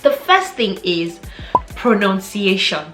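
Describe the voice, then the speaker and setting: A woman's voice: mid-range voice, big pitch swings, takes it slowly. A young woman vlogger chatting playfully to her viewers and laughing often. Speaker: fragrance vlogger. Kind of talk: casual chat to camera. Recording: echoey room with faint music.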